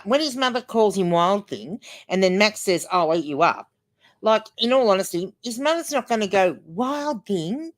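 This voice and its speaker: An older woman hosting a casual livestream, chatty and rambling as she reads out viewer comments. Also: medium pitch. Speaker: livestream host.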